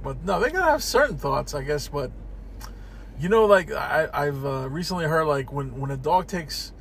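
A man's voice: fairly high pitch, lively intonation, normal speed, gravelly, slight background noise. Joking, laid-back man in a car. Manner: laid-back, joking, acts out the dog's thoughts. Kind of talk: casual chat. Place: inside a parked car.

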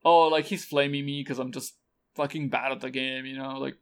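A man's voice: medium pitch, flat delivery, brisk, clean tone. A man co-hosting a gaming podcast, laid-back in casual chat and saying "like" a lot. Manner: laid-back, laughs often, says "like" a lot. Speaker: podcast co-host.

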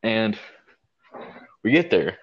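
A man co-hosting a podcast, telling a long story in a casual, animated and profane way. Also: lowish voice, takes it slowly, slightly rough, dull audio. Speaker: podcast co-host.

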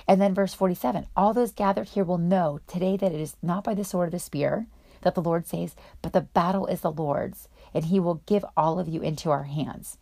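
A woman's voice: lowish voice, fairly quick, vocal fry, mellow, no room sound, studio quality. A woman giving a casual, enthusiastic Bible teaching to other women, full of chatty fillers.

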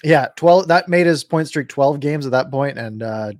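A man's voice: a little high, expressive, moderate pace, darkish tone, dry recording. A man co-hosting a casual sports podcast, recapping games in a rambling way with dry sarcasm. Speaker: podcast co-host.

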